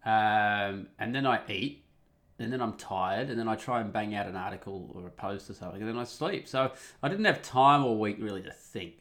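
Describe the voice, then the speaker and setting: A man talks through a personal story in a loose, rambling monologue. His voice sits fairly low but sounds bright and sharp, and his tone stays wry and profane throughout. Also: normal speed. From Australia.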